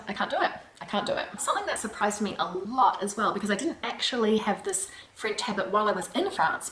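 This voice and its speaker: A woman from New Zealand with a New Zealand accent, chatting casually to camera in a vlog, animated and laughing often. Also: mid-range voice, echoey room, background noise. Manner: chatty and animated, laughs often, acts out her own reactions. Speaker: vlogger.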